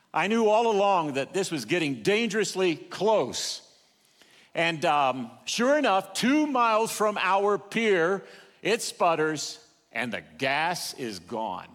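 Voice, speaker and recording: An older man preaching a sermon in a church auditorium, telling stories with swings in loudness and pace. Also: high-pitched, long reverb tail. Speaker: pastor.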